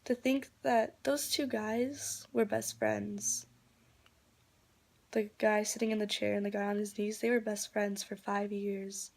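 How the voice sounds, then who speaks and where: Woman vlogger, slow and flat, quietly disgusted commentary with soft near-whispers. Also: medium pitch. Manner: subdued, disgusted retelling with soft half-whispered stretches. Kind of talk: reaction commentary.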